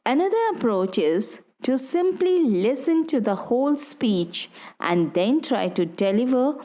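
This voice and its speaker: A woman with an Indian English accent teaching English, slowly demonstrating stress and intonation in example sentences. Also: fairly high pitch, animated, warm tone. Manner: slow, careful, demonstrates sentences with exaggerated stress. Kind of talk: instructional explanation.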